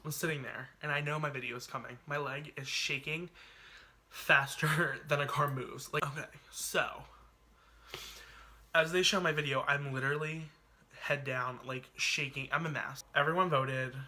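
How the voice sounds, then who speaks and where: A man with a bright, ringing voice pitched a touch high tells a story to camera. His delivery is chatty and dramatic, with many "like"s and side remarks, as in a casual storytime vlog. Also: fairly even intonation, normal speed. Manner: chatty, dramatic retelling peppered with "like". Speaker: YouTuber.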